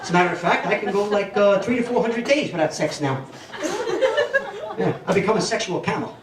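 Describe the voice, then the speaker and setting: A man's voice: high voice, animated, a little fast. A man, doing a stand-up comedy set with a brash, blunt wisecracking delivery. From Brooklyn, New York. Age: 50s. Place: comedy club stage. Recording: roomy club sound from a distant mic, crowd noise.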